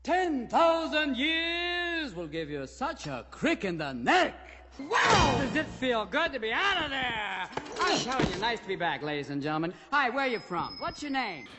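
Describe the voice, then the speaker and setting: An actor playing a zany, wisecracking male genie in an animated film, firing off jokes and funny voices. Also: very high voice, heavy background noise. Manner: manic, rapid-fire jokes and funny voices.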